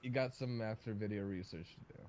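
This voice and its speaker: A man chatting casually on a livestream, telling stories with loud bursts of emphasis and laughter. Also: on the low side, a little fast.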